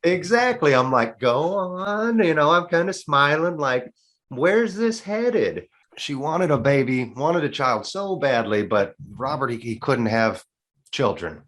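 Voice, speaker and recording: A man's voice: mid-range voice, normal speed. Man in his forties telling a personal story. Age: 40s. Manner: earnest, animated retelling with quoted dialogue. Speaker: guest.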